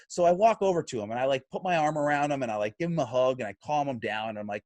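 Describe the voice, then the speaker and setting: A man hosting a casual podcast, his voice swinging high and low as he tells a wild story with plenty of swearing. The sound is dry and close, with no room echo. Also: quick pace. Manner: lively, swears freely, acts out quotes. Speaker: podcast host. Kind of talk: casual chat, animated storytelling.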